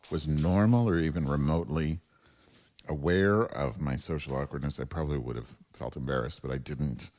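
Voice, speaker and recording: Fairly quick and darkish in tone, his deep voice carries a profane, self-deprecating ramble. He's a man hosting his own podcast from home, speaking alone into a wireless lavalier mic.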